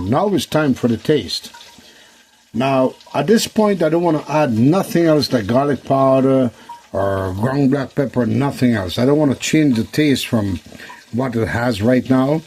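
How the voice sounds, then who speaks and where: A man's voice: medium pitch, a little mellow, a little hiss or hum, poor audio. A man hosting a casual cooking demonstration in his kitchen, chatting to viewers and repeating phrases as he works. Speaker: cooking show host.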